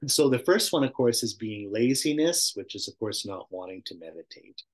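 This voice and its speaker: A man's voice: fairly low pitch, expressive, normal speed. A middle-aged man teaching a casual meditation class, chatty and self-interrupting, often laughing and acting out little voices. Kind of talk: casual dharma talk.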